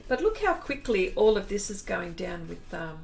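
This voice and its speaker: Faint music plays under this Australian art instructor's mid-range voice, which is sing-song, gravelly, a little mellow, and at normal speed. She's painting live on a stream, giggling and chatting while she reads the chat aloud and says hello to viewers by name.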